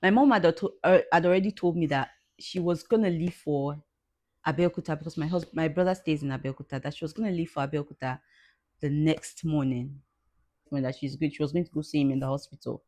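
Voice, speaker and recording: Low-voiced, tearful woman. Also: darkish tone. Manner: tearful, halting, repeats herself. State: crying at times. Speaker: vlogger. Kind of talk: emotional personal vlog.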